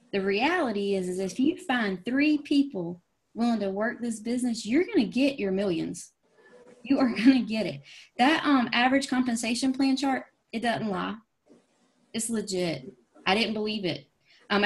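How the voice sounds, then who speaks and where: A woman, giving an emphatic motivational talk on a team call and acting out the voices in her stories. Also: medium pitch. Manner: emphatic storytelling, acts out quoted voices. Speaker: network marketing team leader.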